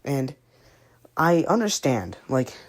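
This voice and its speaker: A woman's voice: rumbling low, sing-song, takes it slowly. A woman giving a rambling, profane review, ranting angrily with many fillers. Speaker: cartoon reviewer. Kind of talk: ranting commentary.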